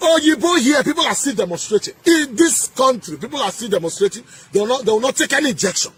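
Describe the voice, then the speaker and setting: A man with a Nigerian accent delivering a heated political rant, emphatic and repetitive, with sing-song rises and shouted bursts. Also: extremely high pitch, animated, fast talker, slight background noise. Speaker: political commentator.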